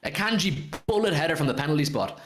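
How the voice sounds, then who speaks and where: A man's voice: a little high, expressive, quick pace, a bit bright, a little hiss or hum. A man hosting a casual football fan livestream, reading out viewers' comments and swearing now and then. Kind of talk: casual live-stream chat.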